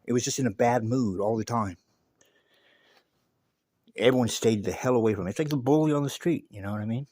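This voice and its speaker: A man tells a story in a loose, spoken monologue. He is emphatic and swears often, restarting with repeated words. His voice sits in a middle pitch and sounds dry and close. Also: fairly quick, long pauses, a little mellow, dry recording. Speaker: speaker telling a story.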